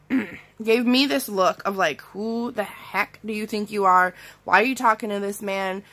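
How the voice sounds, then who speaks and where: Sick woman ranting in a casual vlog. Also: a little high. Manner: animated, acts out quotes, many "like" fillers. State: sick, with strep throat. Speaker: vlogger. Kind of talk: casual storytime rant. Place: in bed at home.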